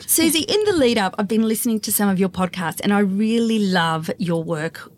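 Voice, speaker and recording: A woman's voice: medium pitch, animated, moderate pace, slight background noise. A woman co-hosting a podcast, chatty and enthusiastic as she asks a guest questions and jokes about herself. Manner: chatty, enthusiastic, self-deprecating. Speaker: podcast co-host. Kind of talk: casual podcast conversation.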